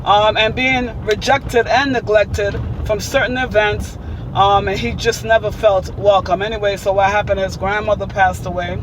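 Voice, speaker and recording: A woman's voice: medium pitch, fairly even intonation, normal speed, background noise. Emphatic woman vlogging outdoors. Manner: emphatic, preachy, repeats points. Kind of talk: casual vlog commentary.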